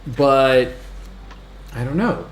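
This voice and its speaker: A man hosting a casual live stream, excitably chatting and greeting his viewers one by one. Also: mid-range voice, extremely slow. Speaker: livestream host. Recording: roomy echo.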